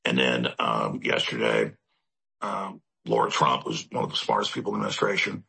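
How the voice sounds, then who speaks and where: Deep gravelly man, rambling and emphatic. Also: sing-song, sharp tone. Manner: rapid, rambling and emphatic, with stacked repetitions. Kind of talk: political commentary monologue. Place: studio in Central Texas.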